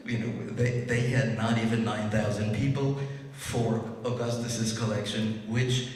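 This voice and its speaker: A man speaking as a guest architect, telling anecdotes to a live audience in a rushed, lively way with frequent restarts. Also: medium pitch. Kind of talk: anecdotal storytelling on stage. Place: large event hall with a live audience. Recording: roomy hall echo, distant, faint hiss.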